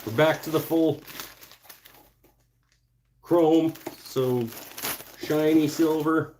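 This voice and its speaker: Unhurried man chatting from his workshop. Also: fairly high pitch, slight background noise. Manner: relaxed, thinking aloud, muttering while working. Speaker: woodturning livestream host. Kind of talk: casual live-stream chat reading viewer comments.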